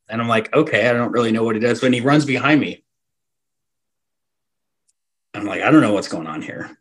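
A man's voice: mid-range voice, a little fast. A man from Alaska, a hunting guide, telling a long story in a casual, rambling way with fillers, restarts and laughs. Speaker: hunting guide and podcast guest.

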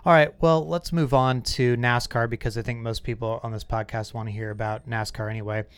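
Smooth-voiced man hosting a podcast. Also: mid-range voice, level tone, fairly quick, dry recording. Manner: chatty, storytelling with quoted asides. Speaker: podcast host. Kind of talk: casual chat.

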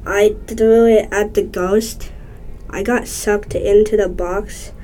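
A woman reading a short story aloud in a slow, even way. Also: mid-range voice, a little hiss or hum, poor audio. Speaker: story reader.

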